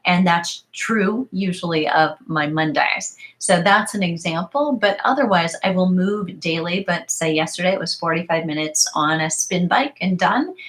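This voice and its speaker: A middle-aged woman coach talks through viewer questions in a lowish voice, still a little rough with morning voice. She is emphatic and chatty, firing off rhetorical questions and quick asides. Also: a bit bright. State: morning voice, clearing throat. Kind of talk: live Q and A talk.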